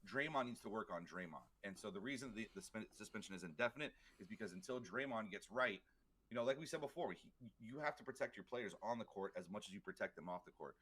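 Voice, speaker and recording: A man co-hosting a casual sports podcast, talking quickly in a lowish voice with a bright, sharp edge. He rambles through his takes, full of "you know" and restarts. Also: lively intonation, breathy edge. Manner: rambling, filler-heavy, quick talker. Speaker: podcast co-host.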